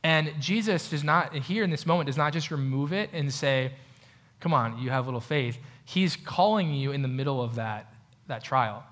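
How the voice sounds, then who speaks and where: A man's voice: medium pitch, normal speed, a bit bright. A man preaching a sermon in a church, talking conversationally and asking the audience questions. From United States. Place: church hall with a projector.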